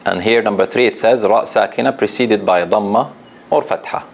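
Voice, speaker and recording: A man teaching Quran recitation to a class, patient and repeating each example slowly while asking the students questions. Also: fairly low pitch, vocal fry, slight background noise. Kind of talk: classroom lesson.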